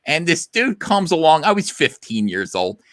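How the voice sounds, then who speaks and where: A man's voice: on the high side, sing-song, normal speed, a bit bright, no room sound, clean studio sound, voice pushed up. A man voicing his blunt old grandmother as she tells a crude story in a raised voice. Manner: blunt, crude, matter-of-fact. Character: brash old Jersey grandma telling a story.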